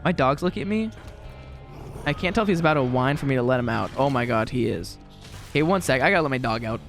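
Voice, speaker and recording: A man's voice: mid-range voice, lively intonation, fast, fairly bright tone, soft background music. A young man casually commenting on his gameplay from a room at home, rambling and chatty with a self-deprecating manner. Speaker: gaming commentator.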